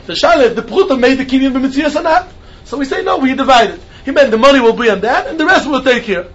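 A man giving an animated Talmud class lecture, mixing Hebrew and Yiddish terms into his English. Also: very high voice, fast talker, slightly rough. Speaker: Talmud teacher. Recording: dull lo-fi recording with faint noise.

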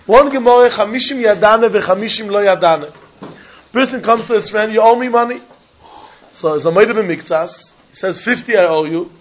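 Man with a Yiddish-inflected English accent, Talmud teacher, high husky voice, sing-song cadence, muffled lo-fi recording. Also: normal speed. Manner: animated sing-song learning cadence, mixing Yiddish and Hebrew. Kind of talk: Talmud lecture.

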